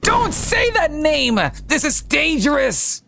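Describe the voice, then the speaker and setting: A man voicing a paranoid conspiracy-minded forum user who shrieks his warnings in a frantic, drawn-out way. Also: very high voice, big pitch swings, vocal fry, sharp tone, slight background noise, voice pushed up, full character voice.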